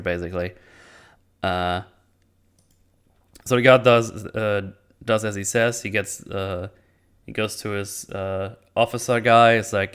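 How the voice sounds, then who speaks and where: A man's voice: fairly low pitch, fairly even intonation, measured pace, long pauses, a bit bright, clear, resonant tone. A man hosting a movie review channel, recapping a film in a casual, rambling way with lots of swearing and restarts. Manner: rambling, profane, with frequent restarts.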